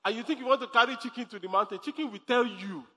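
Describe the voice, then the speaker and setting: A pastor preaching a sermon, emphatic, repeating phrases and breaking into laughs. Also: male voice, extremely high pitch, racing, bright, forceful tone, breathy edge. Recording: long hall reverb.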